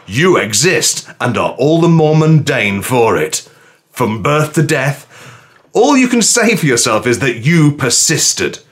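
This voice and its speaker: A man's voice: mid-range voice, fairly bright tone. Juicy Susan, a man playing a grandiose surreal being. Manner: grandiose, portentous, self-important. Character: grandiose surreal made-up woman, self-declared metaphysical being.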